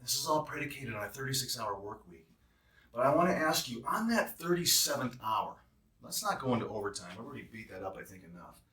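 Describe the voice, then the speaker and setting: A man's voice: mid-range voice, very animated, fast talker, pushed and bright. A man walking travel nurses through a job offer, heated and emphatic as he breaks down the hourly pay. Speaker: travel nurse staffing recruiter. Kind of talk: explanatory walkthrough with a rant. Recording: roomy echo, distant mic.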